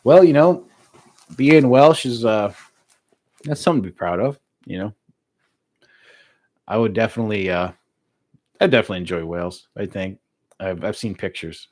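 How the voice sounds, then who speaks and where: An American man casually chatting with his live-stream viewers, relaxed and laughing easily, with plenty of filler words. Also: lowish voice, moderate pace, long pauses, dry recording. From United States. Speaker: streamer reading live chat.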